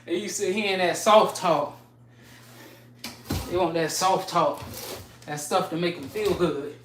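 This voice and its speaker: A woman's voice: on the low side, a little slow, pauses often, slight background noise. A woman streaming a workout live, counting her push-up reps aloud, winded and sighing between sets, trading slangy trash talk. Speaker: fitness streamer. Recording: echoey room, far from the mic.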